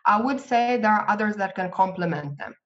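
A woman recruiter answering interview questions in a measured, explanatory way. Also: mid-range voice, animated. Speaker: recruiter guest. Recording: slightly dull lo-fi audio.

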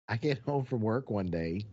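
A man's voice: on the low side, darkish tone, husky. A middle-aged man in casual chat, telling wry, candid stories about past relationships. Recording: dull lo-fi recording.

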